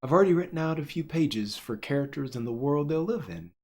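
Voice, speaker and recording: Soft, lively-toned dad figure, a tired gentle novelist, read aloud by a man. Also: fairly high pitch, brisk. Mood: calm.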